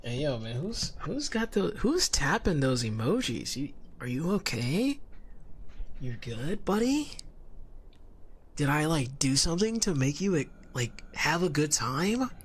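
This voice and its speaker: Male VTuber host with a somewhat high voice, loose and chatty with his viewers on a binaural mic. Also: very animated, measured pace, slight background noise. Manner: rambling, playful, chatty with viewers. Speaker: VTuber streamer. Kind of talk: casual live-stream chat. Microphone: binaural dummy-head microphone.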